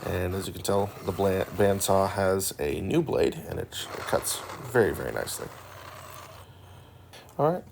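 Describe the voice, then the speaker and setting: A man narrating a woodworking build in a relaxed, rambling voice-over, joking and poking fun at himself. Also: sits low, normal speed, gravelly, background noise. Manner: joking and self-deprecating; relaxed and rambling with filler words. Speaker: woodworking channel host.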